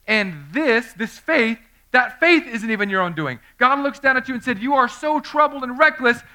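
A man preaching a sermon, telling a story with animation and acting out quoted voices, swinging between loud and hushed delivery. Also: extremely high pitch. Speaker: pastor.

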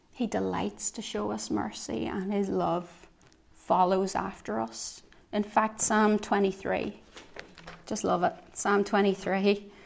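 Gravelly-voiced woman preaching earnestly. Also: mid-range voice. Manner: earnest, swings between soft and emphatic. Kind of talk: devotional sermon.

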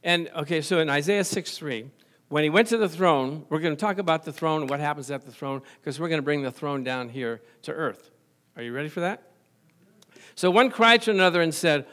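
Male pastor, middle-aged, high voice, lively storytelling sermon to the congregation. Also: fairly quick. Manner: storytelling, animated, jokes with congregation. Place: church before a congregation.

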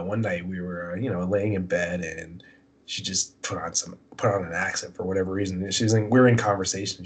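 Husky young man, low voice. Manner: laughs often, crude storytelling. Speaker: podcast co-host. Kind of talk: casual chat.

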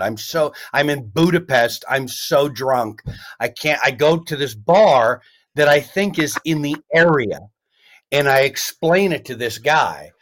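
A comedian guest telling a story in casual chat, rambling and animated with lots of restarts. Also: male voice, medium pitch.

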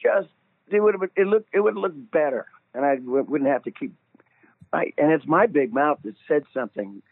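A man, a singer being interviewed, telling an animated story and laughing at himself. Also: medium pitch, vocal fry, slightly rough, no room sound. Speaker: guest singer. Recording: tinny phone line.

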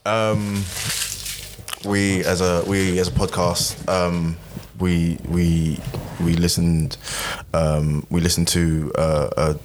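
A man's voice: low-pitched, flat delivery, takes it slowly, slight background noise. A man hosting a podcast, asking questions in a hesitant way with many fillers. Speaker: podcast host. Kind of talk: casual podcast chat.

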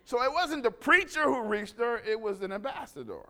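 A man preaching a lively sermon, telling stories and calling the congregation to respond. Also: very high-pitched, normal speed. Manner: animated, call-and-response with congregation.

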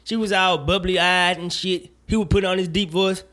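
A man hosting a casual podcast, talking in an animated, jokey way with plenty of profanity and rambling asides. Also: high-pitched, moderate pace. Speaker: podcast host. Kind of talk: casual chat.

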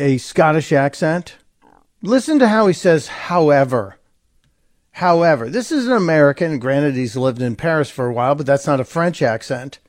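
A man's voice: a little high, a little mellow. A man hosting a talk radio show, giving an opinionated, sarcastic monologue and mocking the people he quotes.

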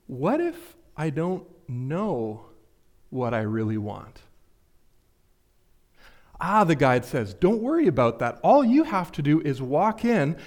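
Earnest man preaching a sermon. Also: on the high side. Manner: earnest, questioning, addresses listeners directly. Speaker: pastor.

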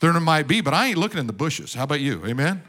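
A man delivers a sermon in a loose, conversational way, asking questions and sometimes dropping to a hushed aside. His voice sits a bit high and rings bright and forceful. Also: very animated, fast. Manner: conversational preaching, drops to soft asides. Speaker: pastor.

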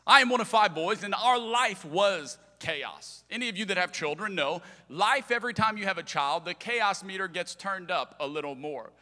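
A man preaches a sermon in a large sanctuary. His voice sits a little high and rings bright, with a long reverb trailing his words. He shifts between loud, punchy lines and quiet asides as he tells funny family stories. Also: normal speed, few pauses. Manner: storytelling with humor, animated swings in loudness. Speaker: pastor.

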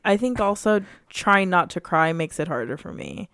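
Earnest young woman, smooth dry voice. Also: fairly low pitch, animated, fairly bright tone, dry recording. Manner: emotional, earnest, quick bursts of emphasis. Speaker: girlfriend in couple conversation. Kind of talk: casual couple chat.

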